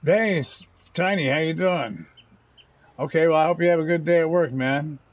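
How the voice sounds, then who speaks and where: A man's voice: a little high, normal speed, narrow, tinny audio. A man giving casual, folksy commentary while playing a farming game, chatty and chuckling often. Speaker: gaming channel host.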